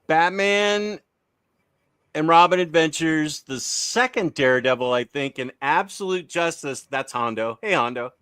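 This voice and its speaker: A man's voice: fairly high pitch, a little slow, sharp tone, smooth. A man hosting a casual livestream, rambling and reading chat comments aloud with lots of filler. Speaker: livestream host.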